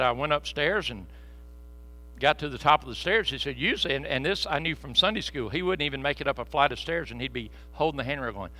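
A man preaching a sermon in a church, telling stories folksily and swinging from soft asides to loud, fervent peaks. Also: mid-range voice, no echo, rough recording. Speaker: pastor. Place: church sanctuary. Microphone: handheld microphone.

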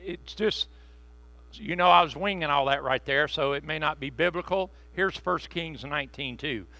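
Guy preaching, jokey and conversational, punches words slow, kinda high voice, dry sound. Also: creaky, pushed and bright, no room sound. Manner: conversational, joking, emphatic slowed phrases. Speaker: pastor. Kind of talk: sermon.

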